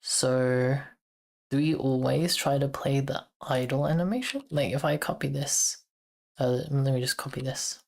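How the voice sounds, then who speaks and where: A woman with a strikingly low voice chats with her stream while she codes, in an unhurried, drawn-out way. She thinks out loud, trails off and starts over, and chuckles now and then. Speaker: streamer and software developer. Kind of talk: casual live-coding stream chat.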